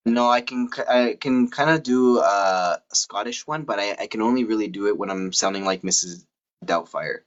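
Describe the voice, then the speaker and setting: Hesitant low-voiced man on lo-fi audio. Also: normal speed. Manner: hesitant, many fillers. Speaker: guest. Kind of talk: casual live chat.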